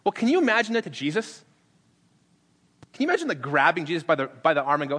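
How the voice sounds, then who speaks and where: Bright-voiced pastor preaching casually. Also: male voice, a little high, sing-song, fast talker, long pauses, long reverb tail. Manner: conversational, acts out dialogue with humor. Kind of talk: sermon. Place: church sanctuary.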